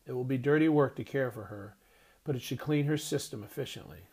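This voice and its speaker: A man reading an audiobook voicing a stern, educated doctor who speaks bluntly and gruffly. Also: medium pitch, fairly quick, darkish tone.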